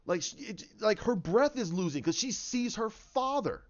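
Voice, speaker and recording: High-voiced man eagerly retelling scenes. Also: normal speed, dull audio. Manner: animated, acts out scenes with restarts and sound effects. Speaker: channel host. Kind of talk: casual retelling of a story idea.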